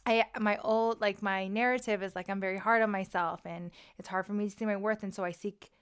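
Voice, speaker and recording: A woman in her thirties sharing personal stories in a casual, animated chat, full of fillers. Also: medium pitch, a little fast, clean tone. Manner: animated, confessional storytelling with many fillers.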